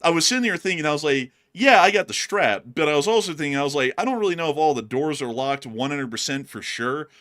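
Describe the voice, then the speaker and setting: A man's voice: on the high side, expressive, fast, hardly any pauses, a bit bright. A man out of breath, hosting a live news stream from his home studio in a chatty, rambling way, calling his viewers folks. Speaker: news livestream host. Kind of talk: casual live news commentary.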